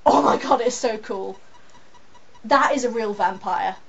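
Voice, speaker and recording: A young woman chatting casually, excited and rambling, giggling now and then. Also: fairly high pitch, measured pace, vocal fry. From England. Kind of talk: casual chat. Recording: dull lo-fi webcam audio with faint hiss.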